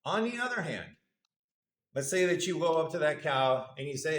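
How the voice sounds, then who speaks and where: A man's voice: a little high, normal speed. A male university lecturer giving a conversational, good-humored lecture, putting questions to the audience in a lecture hall.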